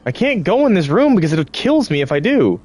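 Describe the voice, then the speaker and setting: A man's voice: sits high, big pitch swings, a little fast, darkish tone, soft background music. Exasperated, swearing gameplay commentator, a man. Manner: exasperated, profane and rambling. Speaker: gaming video creator.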